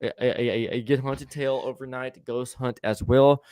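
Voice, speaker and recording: A man's voice: mid-range voice, fairly even intonation, normal speed, darkish tone, smooth, no echo, studio quality. A man hosting a podcast, chatting casually with a stutter, lots of swearing and easy laughter. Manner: stuttering, profane, laughs easily. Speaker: podcast host.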